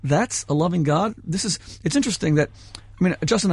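A man's voice: high voice, fairly quick, husky, no echo. A man arguing his case in a heated debate, impassioned and rhetorical, often cutting in.

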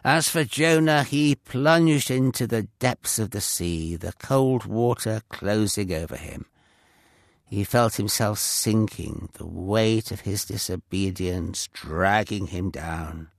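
Guy reading a bible story, slow and lively, really dry close sound. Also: fairly low pitch, vocal fry, no room sound. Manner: dramatic, expressive storytelling. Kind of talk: scripted Bible story narration.

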